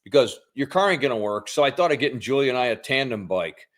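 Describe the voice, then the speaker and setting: A man's voice: mid-range voice, animated, fast talker. A man in a casual podcast chat, laid-back but emphatic when he talks about his worries.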